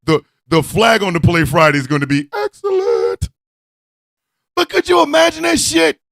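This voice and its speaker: A man's voice: sits high, wildly swooping pitch, moderate pace, creaky, fairly bright tone, dry recording, studio quality. A man hosting an online radio show, ranting comically with profanity and constant cackling laughter. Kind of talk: loose comedic rant with chat.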